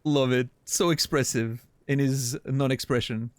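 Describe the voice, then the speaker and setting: A man streaming a game, chatting casually with a deadpan sense of humor and thinking out loud. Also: mid-range voice, unhurried, no room sound. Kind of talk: casual gameplay commentary.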